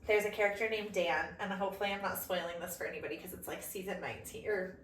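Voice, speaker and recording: A woman's voice: medium pitch, fairly even intonation. A young woman co-hosting a podcast in casual chat, telling a long story and filling it with "like". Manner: rambling storyteller, heavy "like" filler, quick bursts. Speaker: podcast co-host. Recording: roomy, mic at a distance, faint noise.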